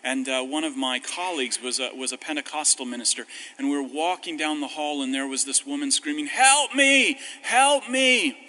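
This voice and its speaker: A male pastor giving a conversational sermon with wry humor, slowing down when reading scripture. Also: mid-range voice, fairly even intonation, bright, forceful tone, poor audio. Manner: conversational, self-deprecating humor, slows on scripture.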